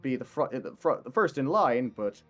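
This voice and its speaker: A man in a tabletop game speaks in an easygoing, mid-pitched voice with lively pitch swings. He often pauses or restarts a phrase, and soft music runs beneath his talk. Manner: easygoing, hesitant. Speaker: player. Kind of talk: casual tabletop banter.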